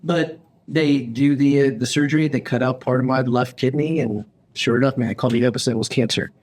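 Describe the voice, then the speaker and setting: Male podcast co-host, lively storyteller who plays every quoted voice, mid-range pitch. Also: a little fast. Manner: animated, acts out quoted voices, frequent restarts; laughs often while telling stories. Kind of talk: casual storytelling chat.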